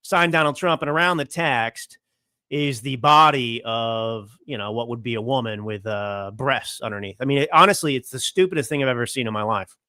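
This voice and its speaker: A man's voice: mid-range voice, normal speed, bright, forceful tone, no room sound, clean studio sound. A young adult man hosting his own political show, delivering an indignant, combative monologue full of rhetorical questions. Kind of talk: fiery political commentary monologue. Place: California home studio.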